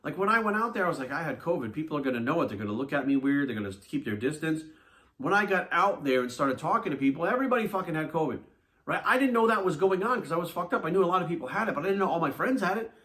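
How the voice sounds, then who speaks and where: A man, a fitness coach, telling a personal story in a blunt, animated way with a lot of swearing. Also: fairly high pitch, rapid-fire. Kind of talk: casual monologue to camera.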